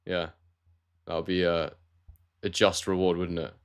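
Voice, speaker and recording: In a warm room at home, a Scottish-born man with a neutral southern English accent, free of regional trace, runs a laid-back live stream on boxing, reading viewer comments aloud. His voice is low-pitched, clear and resonant, and he speaks unhurriedly. He's chatty and relaxed, addressing everyone as "mate."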